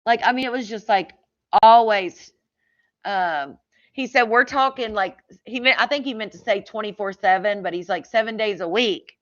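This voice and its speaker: A woman's voice: mid-range voice, normal speed. A woman chatting casually about a true crime case, reading out text messages with lots of "like" and incredulous asides. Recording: slightly dull lo-fi audio.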